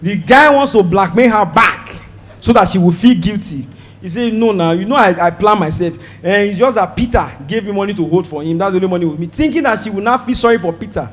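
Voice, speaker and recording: A man with a Nigerian accent doing a stand-up comedy set, loud and animated, acting out voices and shouting his punchlines. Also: high voice, fast talker. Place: stage before a live audience.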